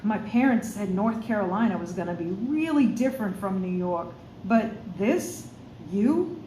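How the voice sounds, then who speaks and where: A woman's voice: a little high, lively intonation, measured pace, dark tone. A startled young girl fires off blunt, puzzled questions, read by a woman in her own voice. The room sounds roomy, with a faint hiss behind. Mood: bewildered.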